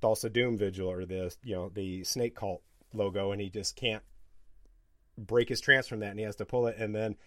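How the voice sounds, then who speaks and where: A man co-hosting a film podcast, casually retelling scenes in an animated way and often laughing between points. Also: fairly low pitch, normal speed, no room sound, studio quality. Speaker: podcast co-host.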